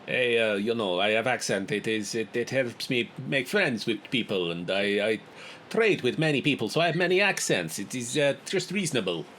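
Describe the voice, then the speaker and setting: A man's voice: mid-range voice, lively intonation, moderate pace, a bit bright, a little hiss or hum, lightly acted. A man voicing a shady male street trader who keeps switching accents and speaks in broken, haggling English. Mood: wheedling.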